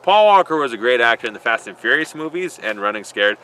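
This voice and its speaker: Bright-voiced man rambling outdoors. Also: mid-range voice, big pitch swings, fast, slight background noise. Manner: rambling, joking, profane. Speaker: vlogger answering viewer questions. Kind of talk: casual Q&A vlog. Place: outdoors in a built-up area.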